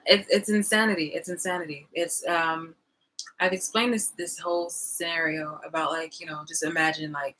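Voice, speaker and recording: A young woman vlogging in a casual, animated rant, swearing freely and trailing off into fillers. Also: low voice, normal speed, poor audio. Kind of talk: casual ranting monologue.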